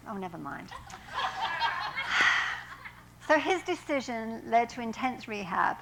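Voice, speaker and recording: A woman's voice: mid-range voice, fairly bright tone, a little hiss or hum, rough recording. Chatty woman giving a church talk. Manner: chatty, laughs at her own lines. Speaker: guest speaker and personal trainer. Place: church sanctuary.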